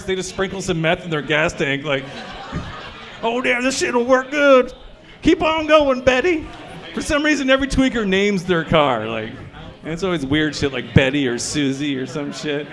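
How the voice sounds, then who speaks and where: A man performing a crude, conversational stand-up set at a brewery comedy showcase, often quizzing the crowd. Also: high-pitched.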